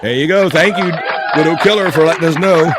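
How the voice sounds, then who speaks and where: A man's voice: fairly high pitch, brisk, over loud music. A man hosting a live stream, chatting casually and reading viewer comments aloud.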